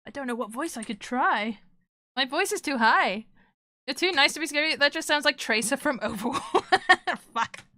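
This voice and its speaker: A woman's voice: high voice, expressive, moderate pace, bright, forceful tone, no room sound, studio quality. A woman streamer chatting casually with her live chat while she draws, joking and self-deprecating.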